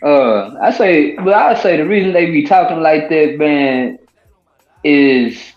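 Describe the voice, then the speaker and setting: A man talks through his point at an easy pace, leaning on fillers. His voice sits a bit high. The audio sounds roomy and dull, with faint music behind. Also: animated. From American South. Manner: drawn-out, explaining with fillers. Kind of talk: casual group chat.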